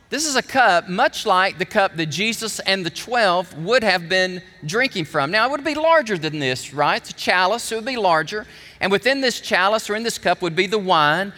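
Male preacher, high bright voice, animated object-lesson sermon, hall reverb. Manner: animated, emphatic storytelling.

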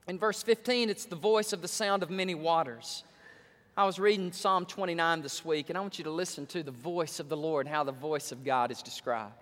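Man, pastor, sermon, emphatic stretched words, high voice, long hall reverb. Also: normal speed, fairly bright tone.

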